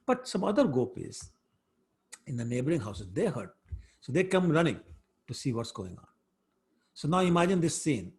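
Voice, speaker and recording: A man's voice: mid-range voice, darkish tone. A man giving a scripture class, telling a story conversationally with asides to his listeners. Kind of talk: storytelling lecture.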